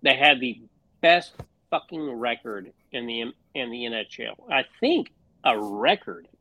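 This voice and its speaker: A man's voice: medium pitch, lively intonation, a little slow, pushed and bright, no echo. A man co-hosting a casual sports podcast, ranting with lots of swearing. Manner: profane, fired-up rants. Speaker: podcast co-host.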